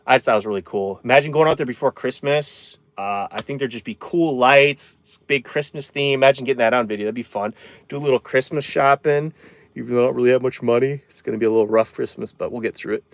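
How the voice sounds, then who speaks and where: A man's voice: mid-range voice, fast talker, no room sound. A man live streaming from inside his camper van, chatting casually and rambling while reading viewer comments aloud.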